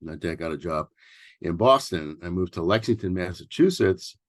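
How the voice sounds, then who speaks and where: A family therapist from New York City in his sixties gives a relaxed workshop talk in a low voice, blending advice with personal stories. He's loose and conversational, often pausing on fillers and restarting sentences, captured in a dry, clean studio recording.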